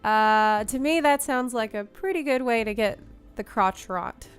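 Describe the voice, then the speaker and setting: A woman streamer giving unscripted, wry and playful commentary while touring a game world, cracking deadpan jokes. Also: on the high side, a little slow, clear, resonant tone, faint music behind.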